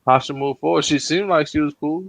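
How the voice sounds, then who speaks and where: A man's voice: on the high side, a little fast, vocal fry, a bit bright, dry recording. A man on a live stream panel, joking loosely and swearing in casual chat. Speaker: livestream panelist.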